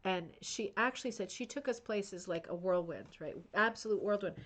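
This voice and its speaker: A woman's voice: mid-range voice, normal speed, fairly bright tone, a little hiss or hum. A woman with a mid-range voice hosts a live craft stream. She talks in an eager, chatty way, reacting to viewer comments as she goes. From United States. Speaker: host of a rug hooking club channel. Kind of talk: live-streamed book review chat.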